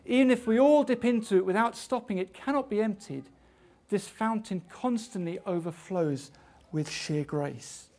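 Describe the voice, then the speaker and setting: A man's voice: high voice, a little mellow. A man preaching a sermon, asking rhetorical questions and building to emphatic peaks.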